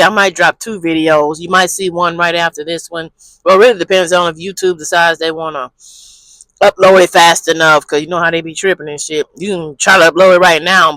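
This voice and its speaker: A man's voice: on the high side, sharp tone, no echo, low-quality recording. A man hosting his own vlog from a parked car, talking candidly in a rambling, slangy, profane way. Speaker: vlogger, channel host. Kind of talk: casual talking-head vlog. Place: parked car in a parking lot.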